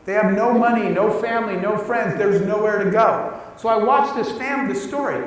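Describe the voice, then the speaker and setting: High-voiced man telling stories in an echoey hall. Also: normal speed. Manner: emotional storytelling, quotes others in lively voices. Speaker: motivational speaker. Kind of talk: motivational speech. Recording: echoey hall, mic at a distance.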